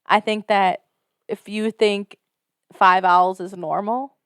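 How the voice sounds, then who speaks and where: A young woman from Illinois co-hosts a podcast in loose, casual chat. She rambles, swears freely and laughs often. Her voice sits at a middle pitch, recorded close and dry. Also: fairly even intonation, slow pace, clear, resonant tone, no room sound. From Illinois, United States. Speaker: podcast co-host.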